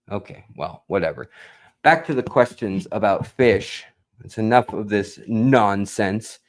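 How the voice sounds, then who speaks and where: A man hosting a live stream in casual chat, rambling and slow, now and then talking baby talk to his cat. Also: on the low side, animated, rough recording.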